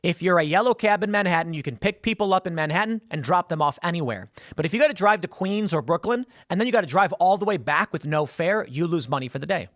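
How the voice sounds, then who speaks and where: A man talks straight to his listeners in a loose, conversational way, slipping into quick impressions of the people in his story. His voice sits a little higher than most men's. The sound is close and dry. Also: animated, fairly bright tone, no room sound. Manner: conversational storytelling, acts out quotes. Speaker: political commentary host. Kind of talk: solo political commentary.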